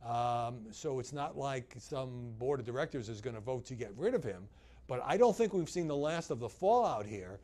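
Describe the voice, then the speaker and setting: A man delivering news commentary as a media commentator, measured and analytical, with frequent "uh" fillers. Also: medium pitch, lively intonation, a little mellow.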